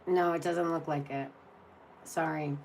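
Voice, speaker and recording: Woman tarot reader, lowish voice, blunt and rambling, faint room noise behind her. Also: steady tone, a little slow. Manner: blunt, exasperated, rambling with many restarts. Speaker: tarot reader on a live stream. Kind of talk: casual live-stream chat.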